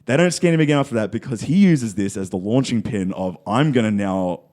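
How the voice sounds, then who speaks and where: Male podcast co-host, lively storyteller who acts out every voice in his tale. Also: mid-range voice, quick pace. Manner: animated, acts out quoted voices, heavy swearing. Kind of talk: casual storytelling chat.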